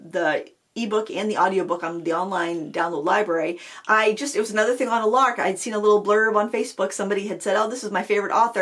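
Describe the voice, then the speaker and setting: A woman's voice: mid-range voice, fairly bright tone. A middle-aged woman hosting a casual craft livestream chat, talking in a rambling, chatty way with many restarts and fillers. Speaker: craft channel host.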